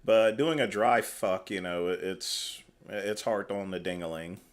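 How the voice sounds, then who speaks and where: A man's voice: fairly low pitch, a little slow. A man hosting a livestream, giving casual commentary with dry, mocking asides. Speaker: livestream host.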